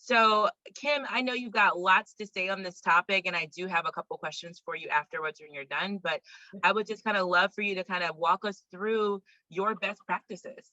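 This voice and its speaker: Woman host, very bright voice, dry sound, casual, lots of fillers. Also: mid-range voice, steady tone, moderate pace, dry recording, lo-fi sound. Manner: casual, filler-heavy transitions. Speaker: webinar host. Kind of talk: webinar moderation.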